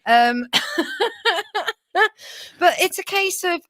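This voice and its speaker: A woman's voice: very high-pitched, expressive, drawn-out words, fairly bright tone, no room sound, studio quality. A young woman co-hosting a comedy podcast, chatty and joking, swearing and laughing a lot. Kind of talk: casual comedic banter.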